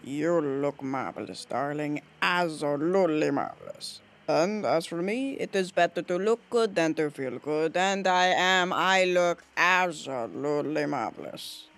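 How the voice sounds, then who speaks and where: A man doing a comic impression of a suave, flamboyant showman with a drawling, exaggerated foreign accent, speaking slowly and admiring himself. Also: on the high side, animated, gravelly, fairly bright tone, full character voice. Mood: vain, playful. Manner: slow, self-admiring, theatrical. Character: suave flamboyant male showman, vain and smooth-talking. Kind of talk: comic impression on a commentary track.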